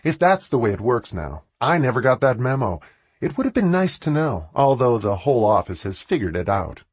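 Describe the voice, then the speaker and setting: A biting, sarcastic office worker in an audiobook scene, voiced by a man whose voice is pushed well higher than his own. The delivery swoops and jabs, and the husky tone makes each line cut. The recording is dry and close. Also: big pitch swings, normal speed, dry recording, dull audio. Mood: furious sarcastic. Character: angry office woman, sharp and sarcastic.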